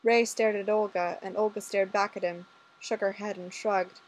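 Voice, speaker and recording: A woman's voice: mid-range voice, fairly even intonation, moderate pace, slight background noise, rough recording. Woman reading a story aloud. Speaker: audiobook reader. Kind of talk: reading fan fiction aloud.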